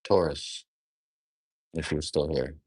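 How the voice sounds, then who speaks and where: A man's voice: very deep voice, fairly even intonation, takes it slowly, darkish tone, husky, no room sound. A man talking on his own without a script, musing aloud, often rephrasing and trailing off mid-thought, and asking the listener reflective questions. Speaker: astrologer. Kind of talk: unscripted solo monologue.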